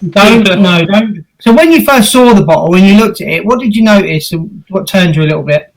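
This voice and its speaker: A man hosting a laid-back chat podcast, with a fairly high voice for a man. He poses questions and drifts into loose, rambling asides. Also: expressive, fast talker, gravelly, low-quality recording. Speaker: podcast host.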